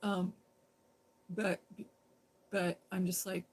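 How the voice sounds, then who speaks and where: Woman on a livestream rambling through a story, kinda gravelly fry in her voice, lots of ums. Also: on the low side, little pitch movement, drawn-out words, rough recording. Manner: rambling, conversational, many fillers and restarts. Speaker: live streamer. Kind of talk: casual spoken storytelling.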